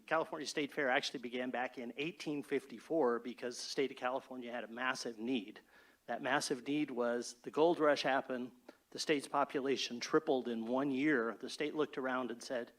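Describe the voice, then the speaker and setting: A man who heads a state fair gives a brisk, orderly formal presentation to an advisory board. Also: medium pitch, fairly even intonation, fairly bright tone. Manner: brisk, orderly, speech-like delivery. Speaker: state fair chief executive. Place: state board meeting room.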